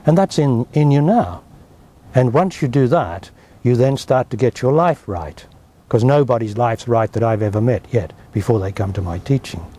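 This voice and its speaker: With a mellow, mid-range voice and lively intonation, this Australian man talks at a moderate pace. As a spiritual teacher in an interview, his answers are emphatic and blunt, and he dismisses any objections.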